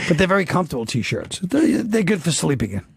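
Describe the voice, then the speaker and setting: A man's voice: a little high, vocal fry, husky, dry recording, clean studio sound. An American man, a comedian guest on a podcast, telling rambling stories with laughs and restarts. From United States. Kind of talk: casual comedy podcast chat.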